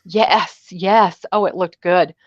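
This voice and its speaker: A woman's voice: fairly low pitch, fairly even intonation, slow, no room sound, dull audio. A woman co-hosting a casual livestream panel, talking bluntly and bossily and tossing out insults. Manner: blunt, bossy and name-calling. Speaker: panel co-host.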